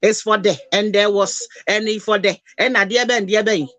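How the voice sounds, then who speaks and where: A woman's voice: mid-range voice, steady tone, normal speed, fairly bright tone, dry recording. A Ghanaian woman talking passionately, mixing Twi and English in an emotional, preachy lecture. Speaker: host.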